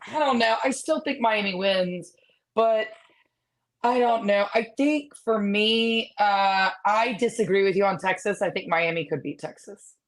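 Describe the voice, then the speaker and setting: A woman co-hosts a casual sports livestream in a mid-range voice, easygoing and hesitant. She fills her talk with pauses and ums as she thinks aloud. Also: medium pitch. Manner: hesitant, filler-heavy, easygoing. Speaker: co-host.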